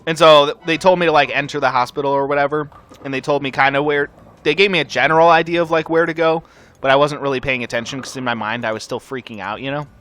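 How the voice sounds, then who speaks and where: A young man hosting a gaming channel, telling a rambling, profane story over gameplay in a casual, animated way. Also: a little high, fast.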